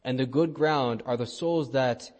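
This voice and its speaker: A man, a priest, giving a sermon and telling a story in a gentle way. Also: medium pitch, unhurried. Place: church. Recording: long church reverb.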